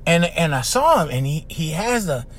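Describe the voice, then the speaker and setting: An older man with a Hawaiian accent, hosting a podcast and telling a story in a slangy, animated way with lots of repeats. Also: on the high side, normal speed. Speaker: podcast host. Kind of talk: casual storytelling.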